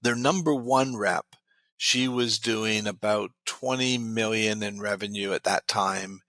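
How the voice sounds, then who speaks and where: A man with a fairly low, bright, forceful voice speaks at a measured pace in a dry recording. He's a guest expert in an interview, telling client success stories and quoting many of their lines as he retells them.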